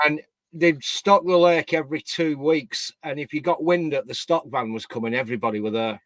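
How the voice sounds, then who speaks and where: A man's voice: a little high, brisk, a bit bright, dry recording. A man, telling a rambling story in a casual live-stream chat and swearing freely. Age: 50s.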